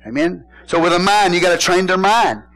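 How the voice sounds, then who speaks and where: A middle-aged man preaching a sermon as pastor, in a casual folksy way, asking his congregation questions and now and then shouting a point. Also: sits high, lively intonation, a little fast, poor audio. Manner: casual folksy phrasing, bursts into shouted emphasis.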